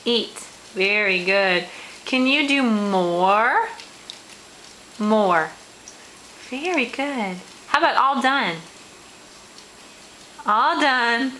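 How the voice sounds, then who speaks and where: A woman filming her small child at home, speaking in a slow, unhurried way full of encouragement. Her voice sits a bit high and rings bright. The camera's own mic picks her up as she coaxes and praises. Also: slight background noise, low-quality recording. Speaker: mother filming her toddler.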